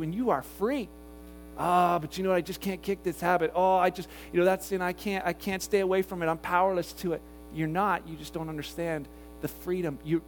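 Male pastor, sermon, high-pitched voice, conversational, rhetorical questions, faint hum behind. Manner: grows loud and animated in the story he tells. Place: church.

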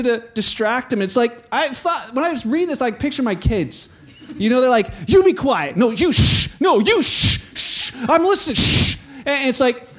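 A male pastor with a high voice gives a relaxed, chatty sermon. He acts out the story himself, slipping into different characters' voices as he goes. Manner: conversational, voices characters in dialogue. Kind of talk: sermon with acted-out scenes.

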